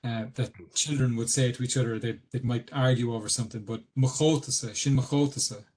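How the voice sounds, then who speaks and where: A man's voice: mid-range voice, fairly even intonation, fast, darkish tone. A man with an Irish accent explaining dictionary work on a video call, hesitant and full of ums and restarts. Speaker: dictionary editor giving a webinar talk. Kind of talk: explanatory talk.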